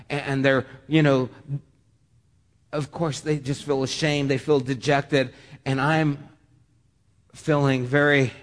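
A man preaching as pastor, earnest and heartfelt, often stammering and repeating words. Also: mid-range voice. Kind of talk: sermon. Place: church sanctuary. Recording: long reverb of a church hall.

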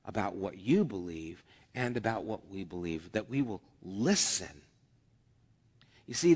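Pastor, male, chatty preaching style with quoted asides, echoing church hall. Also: medium pitch. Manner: conversational preaching with acted asides. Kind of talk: sermon. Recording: long hall reverb.

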